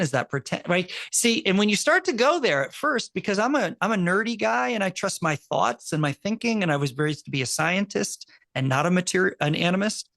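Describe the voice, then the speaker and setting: A man, a university professor, speaking in casual conversation as an animated storyteller, full of quick asides and restarts. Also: sits high, creaky, no echo. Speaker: university professor and podcast co-host.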